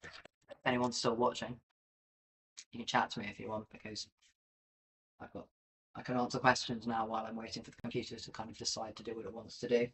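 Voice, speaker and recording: A man's voice: fairly low pitch, monotone, fairly quick, long pauses, a bit bright, recorded from a distance, rough recording. A man giving casual live-stream market commentary over charts, rambling and self-deprecating with many filler ums. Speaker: livestream crypto chart analyst.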